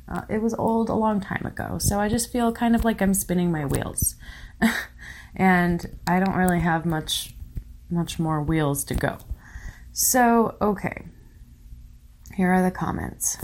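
A worn-out woman hosting her own show, talking in a halting way with nervous laughs, close to tears. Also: lowish voice, a little mellow. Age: young adult to middle-aged parent. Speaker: podcast host. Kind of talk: casual solo commentary reading listener comments.

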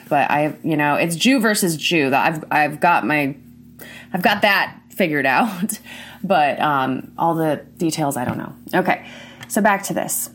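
A woman hosting a commentary show, ranting bluntly and indignantly, swearing often. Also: deep voice.

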